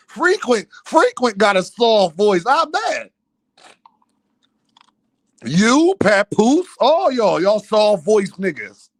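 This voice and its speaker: A man's voice: high-pitched, vocal fry, sharp tone, no room sound. A man hosting a livestream, teasing and trash-talking chat members with frequent laughter. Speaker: livestream host. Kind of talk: casual livestream banter.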